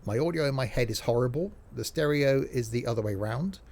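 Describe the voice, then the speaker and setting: A man casually commenting while playing a train simulator, chatty and self-mocking, quick to exasperation. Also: medium pitch, animated, a little mellow.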